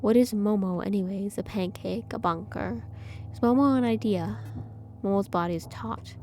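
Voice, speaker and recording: A woman reading aloud a horror visual novel with measured, eerie narration. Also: mid-range voice, darkish tone, slight background noise. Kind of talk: dramatic game narration.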